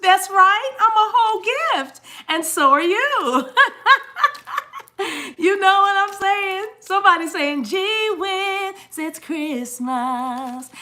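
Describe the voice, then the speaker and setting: A middle-aged woman running a casual tarot livestream, her voice bright and a little high. She chats playfully with her viewers, laughs easily and drops into snatches of song along the way. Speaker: tarot reader hosting a livestream.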